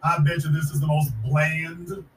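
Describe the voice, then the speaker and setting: Fired-up high-voiced man in echoey room. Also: little pitch movement, normal speed, fairly bright tone, recorded from a distance. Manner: fiery, sarcastic, repeats points for emphasis. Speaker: podcast host. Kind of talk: political commentary monologue.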